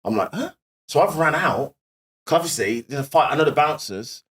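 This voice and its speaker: Animated British man telling comedy stories. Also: on the high side, moderate pace. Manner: animated, laughing, acts out voices in anecdotes. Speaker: comedian podcast co-host. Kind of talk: casual storytelling chat.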